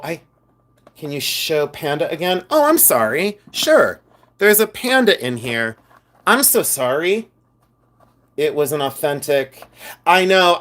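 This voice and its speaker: A man's voice: fairly high pitch, a bit bright. Joking man chatting on a live stream. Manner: chatty, joking, reads chat comments aloud. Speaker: live stream host reselling buttons. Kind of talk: casual live stream chat.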